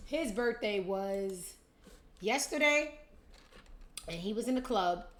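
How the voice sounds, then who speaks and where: A woman hosting a casual gossip show, animated and profane, who mocks people with put-on voices. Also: mid-range voice, takes it slowly, echoey room, noisy background. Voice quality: animated, profane, acts out quotes in mocking voices. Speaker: host.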